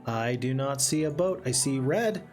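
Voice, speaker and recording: A man's voice: mid-range voice, animated, normal speed. A man giving casual, chatty let's-play commentary while streaming a strategy game and reading chat aloud. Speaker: gaming streamer. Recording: faint game music behind.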